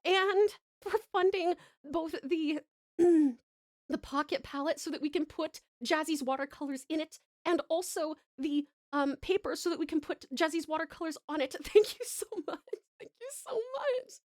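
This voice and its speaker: A woman's voice: extremely high pitch, normal speed, dry recording, clean studio sound. An Australian woman from Tasmania chatting with viewers on a live stream, gushing with thanks and swearing casually.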